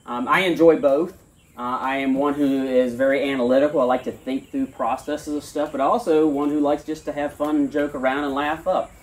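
A pastor giving a sermon outdoors, reading scripture aloud and then talking in a plain, earnest way with fillers and restarts. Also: male voice, mid-range voice, steady tone, a little fast, far from the mic. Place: outdoor church service.

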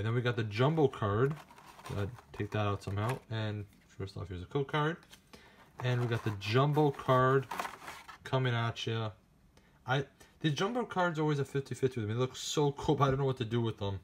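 A man narrating as he opens trading card packs on camera, excited and chatty, speaking straight to his viewers. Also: mid-range voice, slight background noise. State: nervous and shaky. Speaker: card-opening vlogger. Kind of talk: casual unboxing narration.

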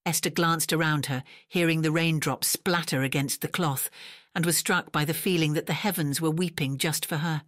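A woman narrating a romance audiobook in a measured, even storytelling manner, recorded close on a studio mic. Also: sits low, no room sound. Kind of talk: scripted narration.

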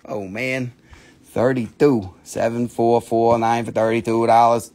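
A man's voice: medium pitch, little pitch movement, measured pace, darkish tone. A man hosting a live stream where he sells minerals, with playful, jokey, auctioneer-like patter.

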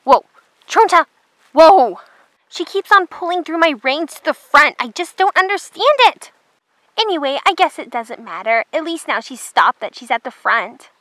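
A woman voicing a fussy, excitable young city girl on a trail ride, in a toy horse drama. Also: high voice, moderate pace, no echo. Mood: whiny. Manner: whiny, excitable.

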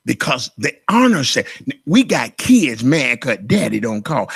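A man's voice: mid-range voice, very animated, unhurried, gravelly, fairly bright tone, slightly rough, no echo, clean studio sound. A middle-aged man preaching a sermon as a pastor, emotional and impassioned.

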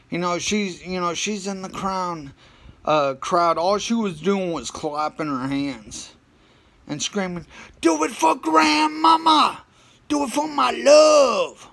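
High-voiced guy telling a goofy story real slow, keeps going uh you know. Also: a bit bright. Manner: halting, full of "uh" and "you know" fillers. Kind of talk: rambling comic storytelling.

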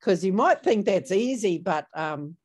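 A woman's voice: mid-range voice, expressive, unhurried, darkish tone. A woman giving an online training talk over a video call, chatty and storytelling, with many fillers. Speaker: workshop presenter.

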